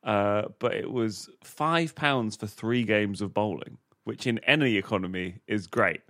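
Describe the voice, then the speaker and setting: Co-host, male, lowish voice, rambling anecdotes, dry close mic. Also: measured pace, fairly bright tone, no echo. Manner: rambling storytelling with many uhs. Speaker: podcast game show host and comedian. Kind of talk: casual comedy podcast chat.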